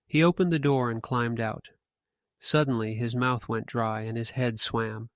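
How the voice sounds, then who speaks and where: Male narrator, ghost story reading; measured, mid-pitched, dry close sound. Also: steady tone, no echo.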